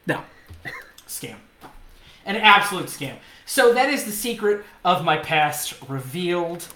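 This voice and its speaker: A man co-hosting a podcast, telling a story in a casual, animated way, laughing often and mimicking the people in it. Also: sits high, measured pace, slight background noise. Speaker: podcast co-host. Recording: roomy echo.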